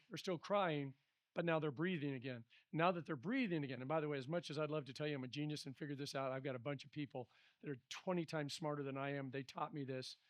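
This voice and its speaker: A middle-aged pastor leads a Bible study, telling stories in an animated, conversational way. His voice sits fairly high for a man. The sound is dry and close, with little room. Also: no echo.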